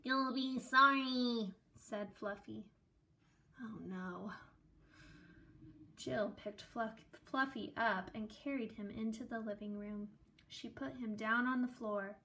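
A woman reading a children's book aloud in a gentle, expressive way, adding small asides. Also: medium pitch, takes it slowly, long pauses. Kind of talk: storybook read-aloud with asides.

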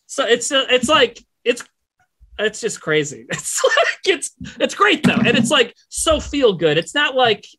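A man's voice: extremely high pitch, big pitch swings, unhurried, bright, forceful tone, breathy edge. A man rambling in casual chat on a livestream, full of "like" and crude swearing. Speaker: comedy troupe member on a livestream. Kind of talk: casual banter.

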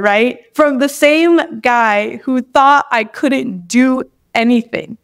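A woman with a fairly high voice, a guest on a podcast, recounts her own experiences in an easy, conversational way. She talks in loose, chatty bursts with frequent restarts. She acts out her past thoughts as she goes. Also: slow, smooth. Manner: chatty, with many restarts and acted-out inner thoughts. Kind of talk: personal storytelling in a casual interview.

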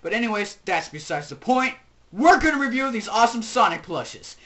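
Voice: mid-range voice, very animated, a little fast, background noise. A YouTuber from Texas hosting a jokey, rambling comedic toy review with plush skits. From Texas, United States.

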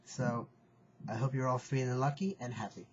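A man teaching a phrase on his video channel, speaking slowly and carefully, repeating each phrase and clearing his throat now and then. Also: medium pitch, steady tone. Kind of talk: casual home video lesson. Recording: dull lo-fi home recording, faint hiss.

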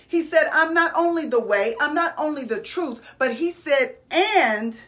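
A woman's voice: high-pitched, fairly bright tone. A woman preaching a sermon, repeating her phrases for emphasis and calling on the congregation to answer.

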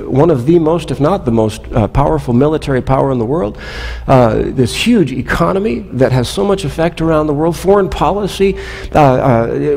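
A man's voice: a little high, a little mellow, in a large hall. A man pastor preaching a sermon in a church, telling stories with wry asides in a conversational way. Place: church sanctuary.

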